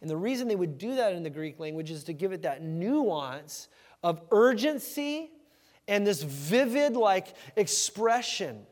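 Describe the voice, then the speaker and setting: A man preaching a sermon in a lively, conversational way, acting out the voices in the story with sudden shouts. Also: high voice, moderate pace, few pauses. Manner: animated, conversational, acts out quoted voices with shouts. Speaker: pastor. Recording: hall reverb.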